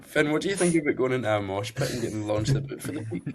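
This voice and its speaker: A man's voice: mid-range voice, expressive, quick pace, slight background noise. A young Scottish man telling rambling stories in casual podcast chat, swearing freely. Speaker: podcast co-host.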